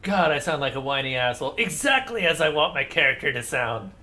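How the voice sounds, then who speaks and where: A man's voice: a little high, lively intonation, fairly quick, sharp tone. A young man streaming a game, chatting casually with rambling asides and sarcastic talk-back to the characters. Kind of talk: casual live-stream chat over gameplay.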